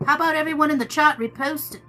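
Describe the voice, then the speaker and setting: Woman, high voice, bright and sharp tone, chatty teasing live-stream host, faint music behind. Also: quick pace. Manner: chatty and teasing, talks to viewers as "my love". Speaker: tarot reader hosting a live stream. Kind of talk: casual live-stream chat, answering viewers.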